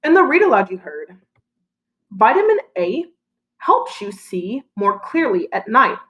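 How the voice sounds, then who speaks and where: A woman teacher giving a recorded lesson to children, prompting them with clear, encouraging call-and-response. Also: fairly high pitch, sing-song, unhurried, fairly bright tone, rough recording.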